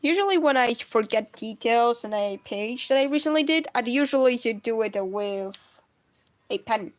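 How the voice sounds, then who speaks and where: Rambling woman, higher voice. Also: expressive, moderate pace. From Russia. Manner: rambling, self-correcting, frequent coughs. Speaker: comic artist streaming. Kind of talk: casual live-stream chat while drawing.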